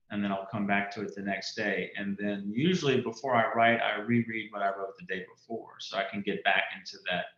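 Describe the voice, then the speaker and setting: A man, an author telling stories from his life in a relaxed interview. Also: on the low side. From Louisiana. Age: 50s. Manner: folksy, anecdotal, quotes mentors. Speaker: author guest. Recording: roomy, muffled lo-fi sound.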